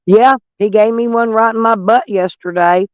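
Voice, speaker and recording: A man's voice: sits high, steady tone, normal speed, clear, resonant tone, no room sound, muffled recording. A man with a stuffy nose chatting casually with viewers from his van, rambling and plainspoken. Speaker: van life vlogger. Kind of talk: casual live chat with viewers. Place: in a van, door open.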